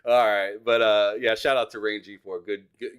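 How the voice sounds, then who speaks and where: A man's voice: lowish voice, flat delivery, moderate pace, a bit bright, smooth. A man hosting a casual gaming interview, encouraging and given to repeating words as he talks. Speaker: host.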